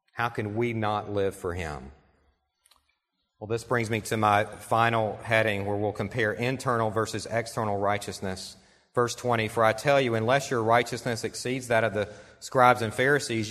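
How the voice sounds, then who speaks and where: A male pastor delivering an earnest sermon, reading quotations aloud and slowing down to stress key points. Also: lowish voice, a bit bright. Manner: earnest preaching, reads quotations aloud, slows for emphasis. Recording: long reverb in a large hall.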